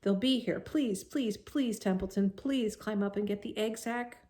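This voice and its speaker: A woman voicing a young male pig in a storybook reading, frantic and pleading in a high, strained voice. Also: measured pace, mellow, lightly acted. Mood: desperate. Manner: high, desperate and crying out.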